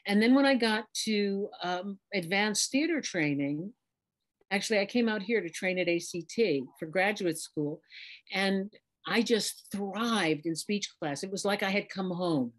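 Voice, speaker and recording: Middle-aged woman, from New York City, dialect coach being interviewed, expressive and chatty, mid pitch. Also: unhurried. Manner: animated, expressive, talks in images and examples. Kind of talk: casual interview talk.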